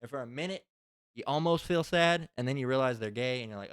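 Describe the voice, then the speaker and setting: A man teaches a spoken scripture lesson in loose, rambling talk with plenty of profanity. His voice is smooth and resonant, and it sounds close and dry with no room around it. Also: medium pitch, fast talker, fairly bright tone, no echo. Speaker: religious teacher.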